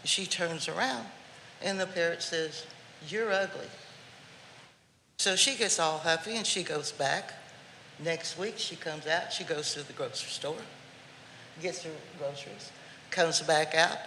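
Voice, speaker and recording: A woman's voice: deep voice, pushed and bright, a little hiss or hum. A woman telling a folksy, playful story during public comment at a city council meeting, in an echoey chamber. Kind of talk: storytelling at a podium.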